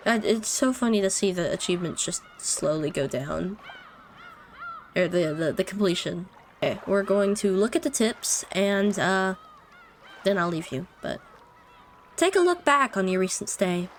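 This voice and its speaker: A woman casually commenting on a visual novel as she plays, excitable and thinking aloud. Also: medium pitch, moderate pace, a little hiss or hum. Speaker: let's-play streamer.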